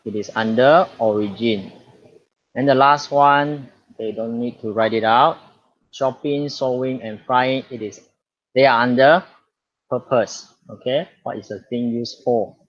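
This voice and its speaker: Malaysian man teaching English online, slow and patient, repeats key words, dull lo-fi sound. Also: mid-range voice. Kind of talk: online classroom lesson. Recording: dull lo-fi audio.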